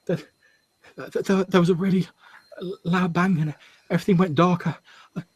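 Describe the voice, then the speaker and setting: Man playing frightened young woman, very high strained voice, heavy stammer, panicked pleading, tabletop game role. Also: fairly even intonation, normal speed, slightly rough, no room sound. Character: terrified young woman lost in the dark.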